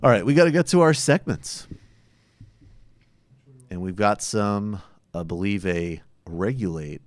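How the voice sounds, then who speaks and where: A man with a lowish voice hosts a podcast, delivering blunt, opinionated political commentary. He swears now and then. The recording is dry and close, with almost no room sound. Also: lively intonation, a little slow, dry recording. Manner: blunt, opinionated, profane at times. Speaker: podcast host.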